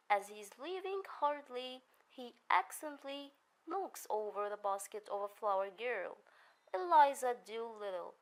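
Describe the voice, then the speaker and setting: A woman teacher narrating a recorded literature lesson, speaking deliberately and addressing her students directly. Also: on the high side, low-quality recording.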